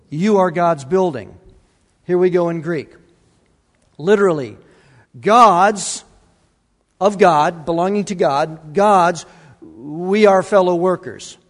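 A male pastor preaching a sermon, emphatic and repetitive, putting questions to the congregation. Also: high voice. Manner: emphatic, repeats key words, asks the congregation questions. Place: church sanctuary. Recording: long reverb of a church hall.

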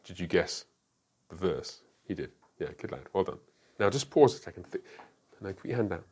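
A man's voice: deep voice, animated, moderate pace, a little mellow, slightly rough. A man who is a pastor, teaching a school Bible class in a classroom, explaining emphatically and asking rhetorical questions. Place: classroom with a whiteboard.

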